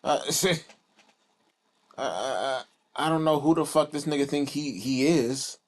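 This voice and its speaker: A man's voice: medium pitch, normal speed. A man streaming his reactions to videos, blunt, crude and mocking. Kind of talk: profane reaction commentary.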